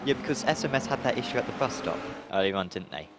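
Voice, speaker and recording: A man's voice: medium pitch, animated, fast, heavy background noise. A man commentating on a sim race, talking in a rambling, hesitant way with lots of fillers and restarts.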